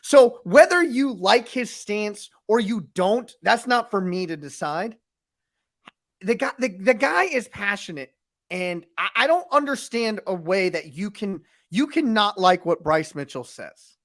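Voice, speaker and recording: Lively high-voiced man recapping a fight. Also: a little slow. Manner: expressive storyteller, emphatic. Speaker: co-host, sports commentator. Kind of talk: casual sports talk.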